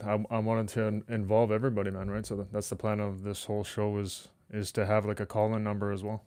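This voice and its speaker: Low-voiced guy hosting a home podcast, loose and profane, dry close mic. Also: level tone, quick pace, few pauses, mellow, clear, resonant tone, dry recording. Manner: rambling, swears freely, talks to chat. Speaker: podcast host. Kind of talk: casual solo livestream chat. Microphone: desk microphone.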